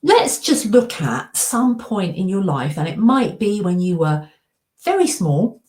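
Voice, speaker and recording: A middle-aged anxiety coach and speaker gives a coaching presentation with slides, acting out her inner dialogue as she tells a story. Her mid-range voice is very animated and a little mellow, and she keeps a measured pace.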